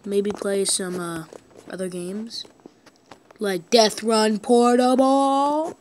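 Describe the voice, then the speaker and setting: A woman narrates her own game session for her viewers in a loose let's-play style. She takes her time between thoughts, then jumps into excited yelps and shouts whenever the game turns on her. Her tone stays goofy and playful throughout. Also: mid-range voice, takes it slowly, a little hiss or hum. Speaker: gaming video host.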